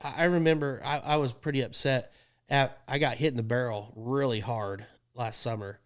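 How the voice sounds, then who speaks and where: Animated rodeo clown telling stories. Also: male voice, medium pitch, moderate pace. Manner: animated, laughing, acts out quotes. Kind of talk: casual storytelling on a podcast.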